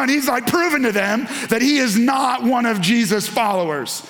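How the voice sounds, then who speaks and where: A man's voice: very high-pitched, lively intonation, moderate pace, hardly any pauses, a bit bright. A male pastor giving a sermon in a conversational, storytelling way.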